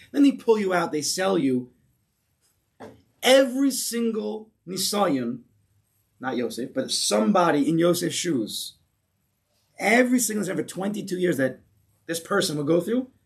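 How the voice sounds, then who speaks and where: Guy giving a torah class, fairly high voice, keeps asking the room questions. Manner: animated, asks the class questions. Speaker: Torah teacher. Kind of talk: lecture to a class.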